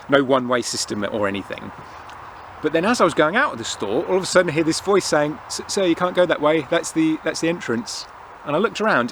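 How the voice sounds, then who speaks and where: A man's voice: medium pitch, fairly bright tone, a little hiss or hum. A young man chatting outdoors at a winter woodland camp, rambling through stories in a casual way. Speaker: outdoor vlogger. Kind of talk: casual chat.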